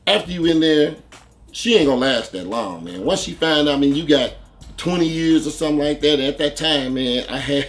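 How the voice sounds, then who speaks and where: A man telling a story in a casual monologue as host, profane and animated, punching out sound words for the blows. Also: medium pitch. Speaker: host recounting prison stories.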